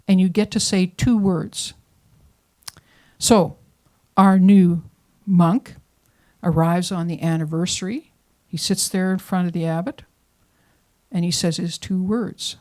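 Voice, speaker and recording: A woman telling a story live to an audience, with dramatic pacing and hushed moments for suspense. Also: on the low side, measured pace. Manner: lively, dramatic pacing, drops to whispers for suspense. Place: performance venue showroom.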